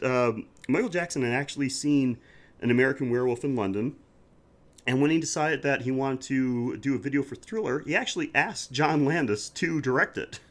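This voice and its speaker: A man with a middle-range voice and a very lively, swooping pitch chats on a podcast. He sounds enthusiastic and laughs often. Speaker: podcast co-host. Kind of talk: casual chat.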